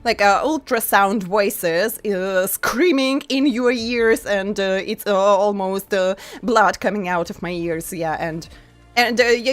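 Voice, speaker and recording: A woman VTuber streamer whose first language isn't English chats casually with her viewers, reading chat aloud and laughing often amid frequent fillers. Her voice is mid-range and a bit bright, and she speaks English with a non-native accent.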